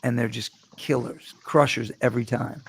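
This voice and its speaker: Man, host, casual chat, gravelly voice, rambling stories, laughs often. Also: medium pitch, fairly even intonation. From New York. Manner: rambling storyteller, quick laughs and restarts.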